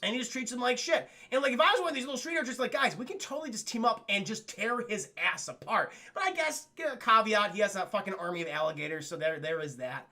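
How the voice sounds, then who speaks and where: Animated gravelly man riffing to chat. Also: sits high, quick pace, few pauses. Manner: animated, keeps addressing chat, swears a lot. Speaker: cartoon reviewer streaming to chat. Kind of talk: profane casual live-stream commentary.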